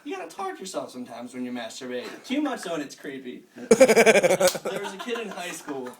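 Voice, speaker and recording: A man's voice: high voice, wildly swooping pitch, moderate pace. A young man doing a crude, rambling amateur stand-up set at home and laughing at his own jokes. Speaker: stand-up comedian. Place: room at home. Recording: echoey room, camera far off, noisy.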